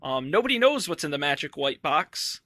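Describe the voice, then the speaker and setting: Bright upbeat male podcast host. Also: fairly high pitch, very animated, normal speed, no room sound, studio quality. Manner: upbeat, chatty, with fillers. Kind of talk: casual tech podcast chat.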